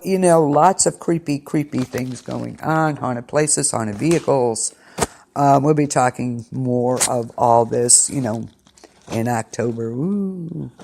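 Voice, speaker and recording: A woman with a rumbling low, warm voice and vocal fry speaks over slight background noise. Hosting an internet radio show, she rambles through a casual rundown of upcoming shows, full of ums and restarts, pre-recorded on a studio mic.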